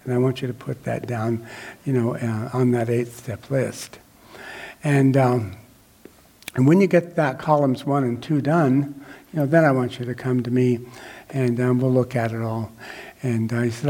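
A man's voice: mid-range voice, moderate pace, dark tone, slightly rough. An older man telling his recovery story to a group, rambling and reflective with many fillers and restarts. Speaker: recovery meeting speaker. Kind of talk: personal testimony to a group.

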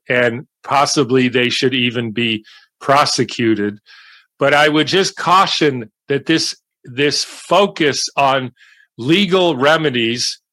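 Older guy, slow deliberate commentary, bright voice, dry close sound. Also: medium pitch, no room sound. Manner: slow, deliberate, measured delivery. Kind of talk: monologue commentary.

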